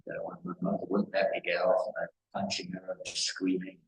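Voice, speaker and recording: Deep-voiced man teaching in an echoey hall. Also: very animated, fairly quick, vocal fry. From England. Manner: rambling storytelling with repeated phrases. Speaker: spiritual teacher. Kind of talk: devotional discourse. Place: temple hall. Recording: echoey hall with faint noise.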